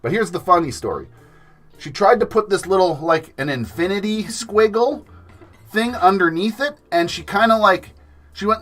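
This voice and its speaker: A man in his forties chats on his livestream, his pitch leaping all over the place as he swears and laughs through stories. His voice is bright and a touch high for a man, loose and unfiltered. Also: expressive, moderate pace. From Canada. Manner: profane, laughing storyteller. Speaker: livestream host. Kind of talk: casual livestream chat.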